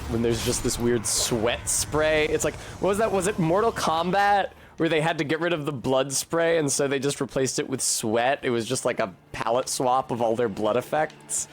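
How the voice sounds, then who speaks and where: A man's voice: medium pitch, moderate pace, few pauses, faint music behind. A man streaming a video game, chatting casually in a rambling, profane and wry way. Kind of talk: casual gameplay commentary.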